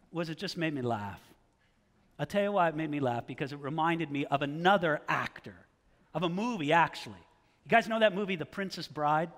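A male pastor preaching a sermon in an animated style, firing rhetorical questions and challenges at his listeners. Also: high voice. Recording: long hall reverb.

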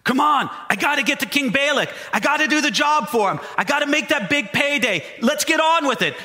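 A preacher playing a greedy, hot-tempered prophet. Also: male voice, very high-pitched, lively intonation, brisk, pushed and bright, pitched above the performer's own voice, full character voice. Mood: impatient. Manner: impatient, blustering, raised voice. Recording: long hall reverb.

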